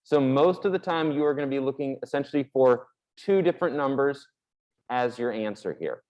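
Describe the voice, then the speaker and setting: A man's voice: mid-range voice, expressive, fairly quick, a little mellow, lo-fi sound. A man teaching a math lesson in a casual, explanatory way while drawing on a board, with the odd filler. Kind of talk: classroom lecture at a board.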